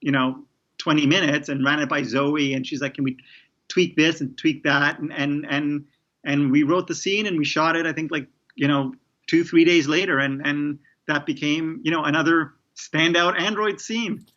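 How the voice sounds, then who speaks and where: A man's voice: fairly high pitch, fairly even intonation, moderate pace, a bit bright, lo-fi sound. A man being interviewed as a TV showrunner, talking casually with many restarts and fillers. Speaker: TV showrunner guest.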